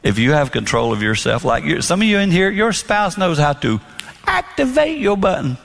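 A man giving a marriage talk to an audience, telling stories and acting out dialogue in soft voices. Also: fairly high pitch, sing-song, moderate pace, vocal fry. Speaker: marriage speaker.

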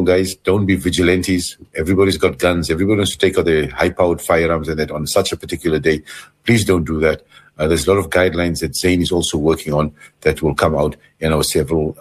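A man's voice: deep voice, breathy edge. A man speaking as a community organizer guest on a panel, earnest and urging in his appeals. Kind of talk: panel discussion.

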